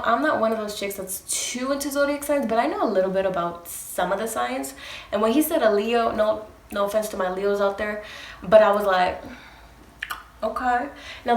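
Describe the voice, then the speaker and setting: A young woman telling a storytime to her viewers, casual and animated, with frequent swearing and asides to the audience. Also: mid-range voice, roomy sound. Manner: animated, profane, talks straight to viewers. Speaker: storytime vlogger.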